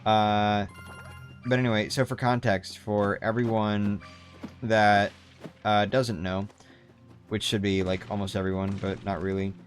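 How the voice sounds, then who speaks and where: A man's voice: fairly low pitch, little pitch movement, unhurried, soft background music. Rambling young man streaming a game. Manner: rambling, swears often, trails off and restarts. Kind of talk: casual gaming livestream chat.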